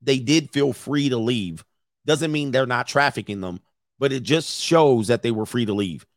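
A man hosting a live commentary, reading messages aloud and reacting to an audience in the room with blunt, profane, animated asides. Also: medium pitch, moderate pace, no room sound, clean studio sound. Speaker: commentary host.

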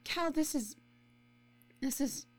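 A woman's voice: sits high, slow, dry recording, low-quality recording. A woman playing a heartbroken mother leaving a bitter, swearing voicemail for a first love she thought was dead, in a scripted audio drama. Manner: bitter, swearing, raw and pleading.

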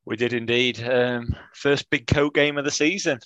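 A man's voice: mid-range voice, fairly even intonation, normal speed, fairly bright tone, no echo, muffled recording. A man co-hosting a football fan podcast, chatting casually with wry, teasing banter and frequent restarts. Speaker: podcast co-host.

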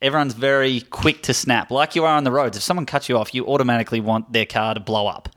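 Man telling a story in relaxed chat. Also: mid-range voice. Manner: storytelling, slightly halting with restarts. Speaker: comedian guest. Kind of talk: casual podcast chat.

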